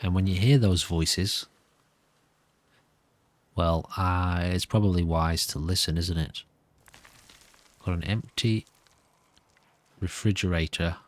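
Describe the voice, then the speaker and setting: A man's voice: low voice, steady tone, takes it slowly, pauses often, no room sound. A nervous man giving rambling, self-amused commentary while playing a video game. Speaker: gameplay commentator.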